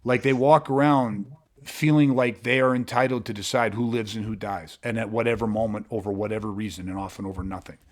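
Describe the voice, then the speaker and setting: A low-voiced man hosting a podcast monologue. He speaks with blunt intensity, swears freely and often stops to restart his sentences. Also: fairly even intonation, a little fast. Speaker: podcast host.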